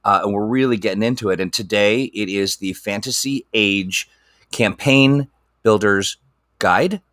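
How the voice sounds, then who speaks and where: A man's voice: on the low side, unhurried, fairly bright tone, no echo, clean studio sound. A man hosting a casual live stream, chatty and laughing often.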